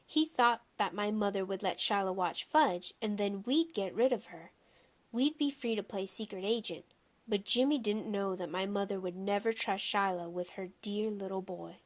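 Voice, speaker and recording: A woman reading a children's novel aloud in a plain, steady storytelling manner. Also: medium pitch, normal speed. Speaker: audiobook reader.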